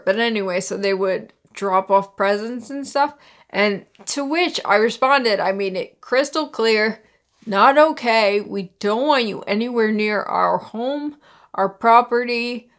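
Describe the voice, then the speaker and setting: A woman's voice: medium pitch, gravelly. A young woman talking candidly to camera in a personal vlog, with lots of fillers and sarcastic asides. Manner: candid, frequent "like" and "you know", sarcastic asides. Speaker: vlogger.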